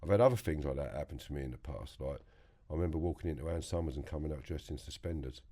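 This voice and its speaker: Deep-voiced blunt London man. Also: fast, dark tone. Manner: blunt storytelling, mimics others. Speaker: podcast guest. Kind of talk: casual chat. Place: podcast studio.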